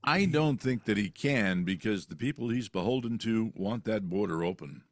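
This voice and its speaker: A man hosting a political talk show, forceful, with a lot of "you know" between points. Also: fairly low pitch, lively intonation, moderate pace, no echo, clean studio sound.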